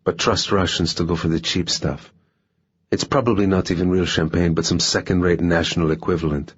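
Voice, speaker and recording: A man's voice: sits low, steady tone, fairly quick, husky, dry recording, muffled recording. A man voicing a playful, thrill-seeking young woman spy who talks in a teasing, half-mocking way.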